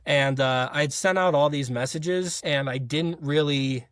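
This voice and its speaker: A man's voice: on the high side, measured pace, no echo, clean studio sound. A young man, a college football player, telling his story as an interview guest in a rambling, casual way full of fillers and restarts. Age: young adult. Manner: rambling, filler-heavy retelling with frequent restarts.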